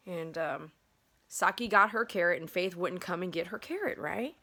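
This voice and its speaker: A woman with a drawl talks straight into her phone from her bedroom, rambling and chatty, with plenty of "you know" and "um" along the way. Her voice sits a little low but has a bright, forward edge. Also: moderate pace. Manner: chatty, rambling, with many fillers and restarts. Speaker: dog groomer and channel host. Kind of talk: casual vlog storytelling. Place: bedroom at home.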